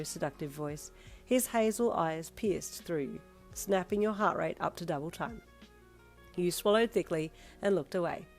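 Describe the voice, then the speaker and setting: A woman narrates a story in the second person, reading with playful ease. Her voice sits lowish and calm, with faint background music running under it. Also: a little fast. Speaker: fanfiction reader.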